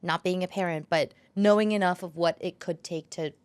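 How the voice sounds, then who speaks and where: A woman's voice: on the low side, steady tone, normal speed, smooth. A young woman from Colombia, chatting on a podcast and switching freely between English and Spanish as she talks. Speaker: podcast guest. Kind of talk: casual podcast conversation.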